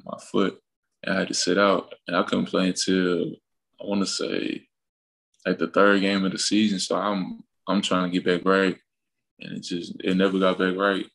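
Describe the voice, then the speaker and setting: A young man from Mississippi, a college basketball player, telling stories in a relaxed, rambling way in a casual interview. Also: low-pitched, normal speed, creaky, rough recording. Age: young adult. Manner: relaxed, rambling with fillers and restarts, laughs while telling stories.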